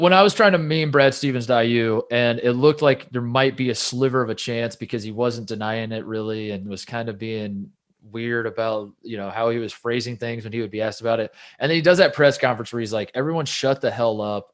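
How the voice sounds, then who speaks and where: A man's voice: medium pitch, brisk. A man co-hosting a casual sports podcast, rambling and self-deprecating, often restarting his sentences. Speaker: podcast co-host.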